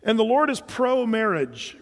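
High-voiced man preaching in a hall. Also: big pitch swings, a little slow. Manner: conversational storytelling preacher, frequent restarts. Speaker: pastor. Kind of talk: sermon.

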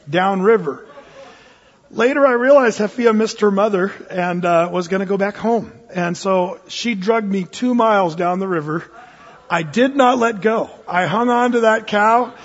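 A man preaching a sermon, telling a folksy personal story with lots of fillers and restarts, recorded in a church sanctuary. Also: high voice. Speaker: pastor. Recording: dull recording in a reverberant hall.

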